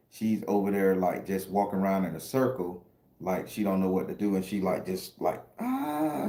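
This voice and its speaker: Speaking directly to his livestream viewers, a middle-aged spiritual host and tarot reader shares an emotional story in loose, slangy language. His voice sits low and mellow, and the audio is reverberant.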